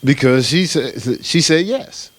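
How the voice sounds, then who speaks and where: A man's voice: mid-range voice, slow, no room sound. A middle-aged man from New Jersey preaching a sermon as pastor, telling stories casually and often asking "right?". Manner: animated storytelling, casual and conversational, with repeated "right?".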